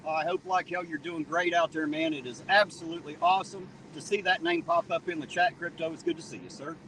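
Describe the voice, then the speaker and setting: On a rain-soaked town street at night, a man streams live, joking around and greeting viewers by name as he reads their chat. His voice is on the high side, fairly quick, with fairly even intonation. The mic sits slightly distant, picking up faint street noise.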